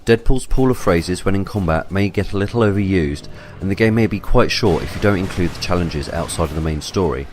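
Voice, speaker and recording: Guy doing a calm scripted game review, really low voice. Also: brisk, few pauses, over music.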